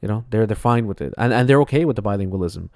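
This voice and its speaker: A man from Canada co-hosting a casual talk show, loose and quick to laugh. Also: on the low side, a little mellow, no echo, studio quality. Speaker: co-host. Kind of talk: casual chat.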